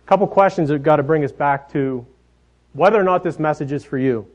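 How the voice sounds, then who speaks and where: A man in his thirties preaching a sermon, telling family stories in a folksy way, often dropping softer at the ends of his phrases. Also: fairly high pitch, fairly quick. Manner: folksy storytelling, trailing off softly at phrase ends. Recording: dull lo-fi sound.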